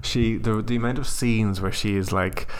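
A man's voice: lowish voice, steady tone, moderate pace, clear, resonant tone. A young man chatting casually as a podcast co-host, enthusiastic and full of stumbling restarts. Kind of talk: casual chat.

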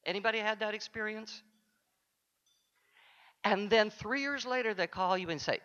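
A woman's voice: medium pitch, animated, moderate pace, long pauses, fairly bright tone. A woman counselor giving a heartfelt acceptance speech, speaking directly to the audience. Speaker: award recipient, counselor. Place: conference luncheon hall. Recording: dull sound in a large echoing hall.

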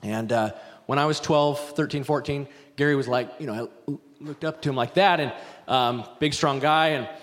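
A middle-aged man preaching a sermon, telling a story in an animated, rambling way with asides. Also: mid-range voice, normal speed, long reverb tail. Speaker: pastor. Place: church sanctuary.

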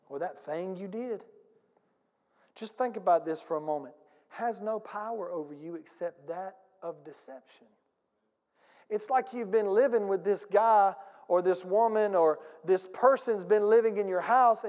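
A pastor preaching a sermon with emphatic delivery, calling on the congregation to repeat lines and acting out little scenes. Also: male voice, high voice, long reverb tail. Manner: emphatic preaching with audience call-and-response and acted-out anecdotes. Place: church sanctuary.

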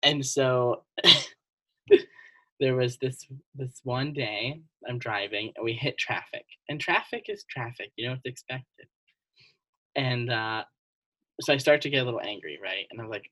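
A podcast co-host telling personal stories in casual chat, animated and laughing often. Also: mid-range voice, unhurried, no echo, low-quality recording.

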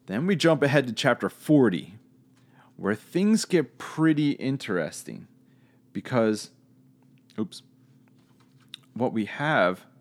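A man giving a casual Bible lesson. He talks in a conversational, searching way, hedging and correcting himself as he goes. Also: on the low side. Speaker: Bible teacher.

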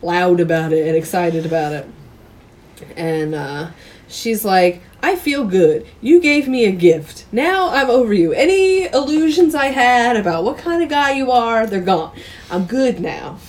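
A woman's voice: a little high, animated, a little slow. A woman co-hosting a podcast, casually retelling a film's plot and acting out the characters' lines with laughter. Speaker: podcast co-host. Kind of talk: casual movie recap chat.

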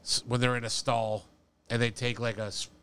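A man speaking casually as a podcast guest in an ordinary mid-range voice. He talks haltingly, restarting his sentences and filling pauses as he goes. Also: mid-range voice, little pitch movement, fairly bright tone, clean tone. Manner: halting, with many restarts and fillers. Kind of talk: casual chat.

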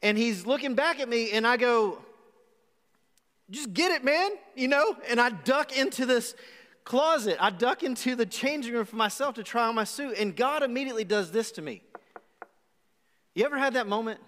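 A man with a high, bright-sounding voice preaches a live sermon and acts out the voices inside his story. The sound rings with a long church-hall reverb, recorded live in a large auditorium. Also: a little fast. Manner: animated storytelling with acted-out asides. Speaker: pastor.

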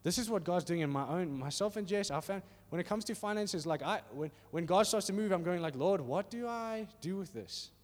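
A man with a high voice preaches to a congregation, conversational and animated, often checking in with his listeners. His voice rings out with the long reverb of a large hall. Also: brisk, hardly any pauses. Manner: animated and conversational, acting out little voices, asks "are you with me?". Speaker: pastor. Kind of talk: sermon. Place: church hall.

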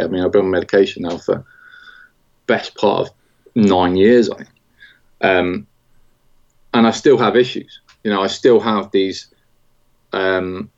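British guy in his 40s, lowish voice, kinda muffled audio, lots of ums and restarts, telling it straight. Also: darkish tone. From Britain. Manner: halting, with many restarts and fillers. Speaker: guest, military veteran. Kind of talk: candid interview conversation.

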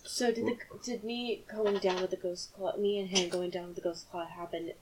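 A woman's voice: fairly low pitch, steady tone, normal speed, noisy background. A woman playing a tabletop game who asks the game master questions in a hesitant way. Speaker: player. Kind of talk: casual tabletop play.

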